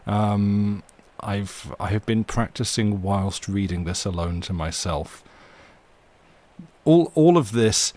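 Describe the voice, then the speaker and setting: A man's voice: fairly low pitch, slow pace, a little mellow. A young man hosting a live reading stream, chatting casually at his home desk mic with a rambling, self-deprecating manner. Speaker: storyteller and stream host. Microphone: desk microphone.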